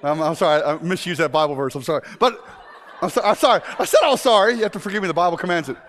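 A man with a high, light voice delivers a sermon to a congregation. He jokes and teases, breaks into sudden shouts, then drops to quiet, urgent asides. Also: racing. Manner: animated and joking, with sudden shouts and hushed asides. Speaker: preacher.

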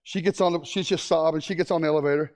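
A man preaching a sermon, telling stories in an animated way with frequent restarts. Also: on the high side, rapid-fire.

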